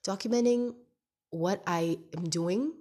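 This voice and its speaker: In a casual confessional video diary with a podcast feel, a young woman in her twenties speaks candidly and rambles, hunting for words in English, which isn't her first language. Crying has left her nose stuffy; her voice is lowish, fairly even in intonation, at a moderate pace.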